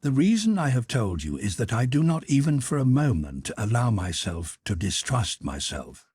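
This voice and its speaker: A man voicing an emotional young noblewoman, breathy and pleading, in an audiobook. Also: mid-range voice, moderate pace, a little hiss or hum, voice pushed up, lightly acted. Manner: lifted, pleading, excitable delivery. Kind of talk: audiobook character voice.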